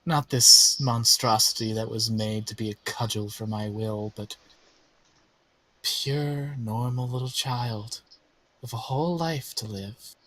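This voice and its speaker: A man voicing a sinister female spirit who tempts and taunts in a soft, coaxing voice. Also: mid-range voice, takes it slowly, pitched below the performer's own voice. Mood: coaxing menace.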